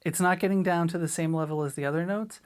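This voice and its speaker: A middle-aged woman teaching a drum lesson in a relaxed, chatty way, sometimes scatting rhythms aloud. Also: lowish voice, quick pace, background noise. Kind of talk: casual spoken lesson.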